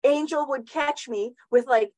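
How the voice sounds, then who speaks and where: A woman's voice: sits high, a little slow, low-quality recording. A middle-aged woman hosting a motivational talk, chatty, with many restarts and tag questions. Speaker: host.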